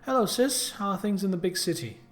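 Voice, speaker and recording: A man's voice: sits high, animated, a little fast, soft background music, pitched above the performer's own voice. A man reading a letter aloud as a chatty, crude working-class young sister, in an attempted Birmingham accent.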